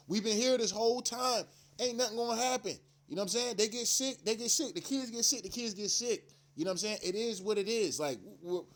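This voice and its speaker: A man ranting casually to his viewers, slangy and emphatic, rambling with frequent restarts and asides. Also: high-pitched. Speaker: commentary channel host. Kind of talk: casual profane rant to camera.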